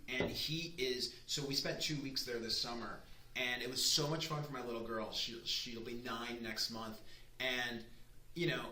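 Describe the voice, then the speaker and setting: A man in his thirties, a chef chatting as a guest, telling stories and acting out the people in them. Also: mid-range voice. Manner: animated storyteller acting out quoted voices. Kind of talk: casual chat. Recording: echoey room with faint noise.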